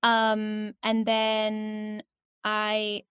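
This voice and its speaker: A young woman with a Scottish accent chats easily as a guest, her voice sitting at a middle pitch. She laughs often and fills her pauses with "um" and "like", and her voice sounds close and dry. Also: monotone, a bit bright, clean tone, no echo. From Scotland. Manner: chatty, giggly, full of fillers. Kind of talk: casual interview chat.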